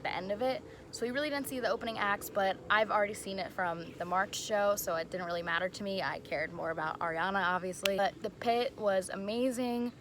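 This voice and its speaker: Excited young woman gushing in a vlog. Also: mid-range voice, noisy background. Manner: excited and gushing, heavy use of "like". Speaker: vlogger. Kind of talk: casual storytime vlog.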